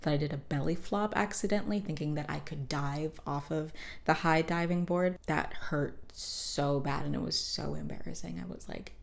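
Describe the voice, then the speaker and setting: Low-voiced woman recapping a cartoon. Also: normal speed, creaky. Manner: chatty, profane, lots of fillers and asides. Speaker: podcast host. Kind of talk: casual comedic episode recap.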